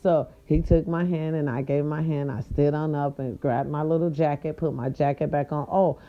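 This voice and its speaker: A woman hosting a podcast, telling a story in a casual, sassy way and swooping her voice up high for emphasis. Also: steady tone, moderate pace, muffled recording. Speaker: podcast host.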